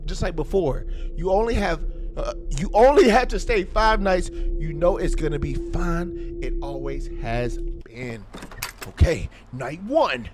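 A man hosting a horror gaming video, joking loudly and often shouting with excitement. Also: on the high side, measured pace, music in the background. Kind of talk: horror game commentary.

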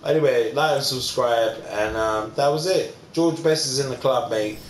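A young man excitedly commentating his own football game session, swearing and shouting at the players. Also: mid-range voice, moderate pace, slight background noise. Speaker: gaming YouTuber. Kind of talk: casual gameplay commentary. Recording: roomy with loud game audio behind. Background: game commentary and crowd ambience.

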